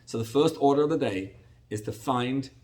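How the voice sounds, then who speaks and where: A man's voice: mid-range voice, normal speed, darkish tone. Man giving a chatty Torah talk. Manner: conversational, repetitive restarts, acts out salesman dialogue. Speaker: rabbi. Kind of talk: sermon-style Torah class.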